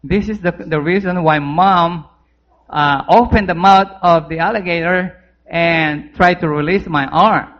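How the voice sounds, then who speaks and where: A man plays a young boy from a told story, earnest and full of pointed questions. The English is halting, and the voice sits a little high. The recording is dull and lo-fi. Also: lightly acted. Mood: indignant. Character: young boy telling of an alligator attack.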